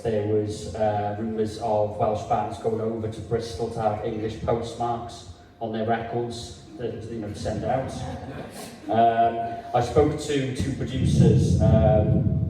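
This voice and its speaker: A man interviewing a guest on stage, asking questions hesitantly with many pauses. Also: on the low side, dark tone, very echoey, far from the mic, slight background noise, poor audio.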